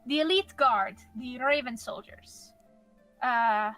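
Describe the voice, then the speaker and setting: A woman with a high voice plays her character in a tabletop game. She speaks earnestly and somewhat formally. Faint music plays behind her. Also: slow pace, fairly bright tone, poor audio. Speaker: player. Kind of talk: in-character tabletop role-play.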